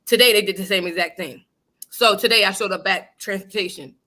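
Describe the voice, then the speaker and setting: Bright-voiced woman telling a story bluntly. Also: mid-range voice, fairly quick. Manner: animated storytelling, emphatic and blunt. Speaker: host. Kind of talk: casual chat. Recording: live online radio show.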